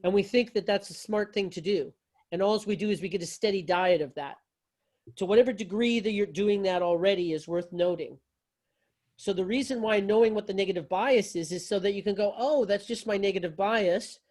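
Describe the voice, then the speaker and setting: A man's voice: sits high, fairly quick, darkish tone. Conversational man teaching yoga philosophy. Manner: conversational, repeats and restarts, folksy phrasing. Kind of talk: teaching a class discussion.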